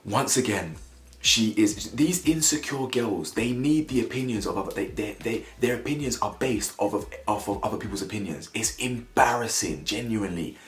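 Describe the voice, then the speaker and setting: A man's voice: on the low side, moderate pace. A man with giving blunt, opinionated commentary on a reality show. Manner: animated, blunt, ranting with slang. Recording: echoey room.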